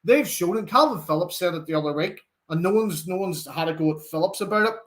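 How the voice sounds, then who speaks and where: Young Northern Irish male host, lively fan chat, higher-pitched delivery. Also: fast talker. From Northern Ireland. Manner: chatty, animated, reads out viewer comments. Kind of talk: live football watchalong chat.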